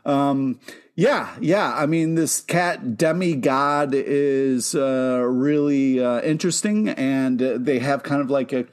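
A man's voice: medium pitch, slow pace, clear, resonant tone. A man co-hosting a comic book podcast, rambling in casual chat with lots of fillers. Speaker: podcast co-host.

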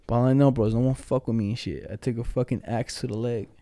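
Young man, casual chat, slangy and profane, mellow dark voice. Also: mid-range voice, fairly even intonation, fast, dry recording. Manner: slangy, profane, laughing storyteller. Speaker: storyteller among friends.

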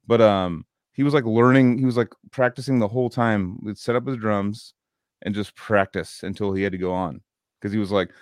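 Low-voiced drunk guy, rambling swearing storyteller, dry close sound. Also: moderate pace, dry recording. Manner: rambling, profane, filler-heavy storytelling. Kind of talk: casual chat.

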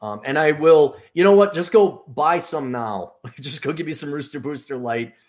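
A man's voice: a little high, normal speed, darkish tone. Crude, sarcastic male talk-show host. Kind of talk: casual late-night chat.

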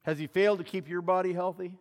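A man preaching a sermon as a pastor in a church, telling the story dramatically, acting out what the crowd shouted and asking the listeners pointed rhetorical questions. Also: high-pitched, steady tone, quick pace, long reverb tail. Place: church sanctuary.

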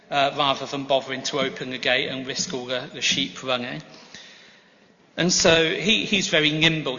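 A man preaching a sermon in a large church, telling stories gently with self-deprecating humor. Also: fairly high pitch. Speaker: guest preacher. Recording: reverberant church hall, slightly muffled.

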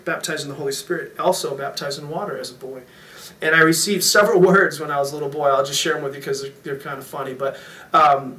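A middle-aged male pastor delivers a sermon with a high, bright voice, joking and animated as he tells stories. He sounds set back from the microphone in an echoey room. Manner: storytelling, jokey, animated with impressions. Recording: echoey room, mic from a distance.

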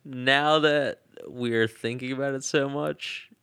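A man's voice: medium pitch, steady tone, slow, fairly bright tone, clean tone, dry recording, studio quality. A young man co-hosting a podcast in casual chat, swearing and laughing a lot, self-conscious about his own speech. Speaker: podcast co-host.

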